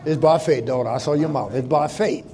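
A man pastor preaching a sermon in call-and-response style, breaking into shouts, in a church. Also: on the high side, brisk, a faint crowd. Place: church sanctuary. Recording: live church with congregation responding.

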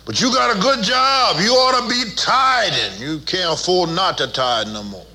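A man's voice: sits high, expressive, normal speed, sharp tone. A man preaching as a pastor, folksy and teasing, leading his congregation in call-and-response. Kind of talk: sermon.

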